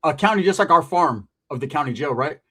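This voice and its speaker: A man's voice: on the high side, expressive, brisk, sharp tone, slightly rough. A middle-aged man casually telling a story from his past, full of profane street slang and quoted dialogue. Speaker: podcast guest telling a story.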